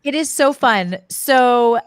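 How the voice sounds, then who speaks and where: Chatty woman, bright and dry. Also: a little high, slow, smooth, no echo. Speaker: podcast guest. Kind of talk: casual chat.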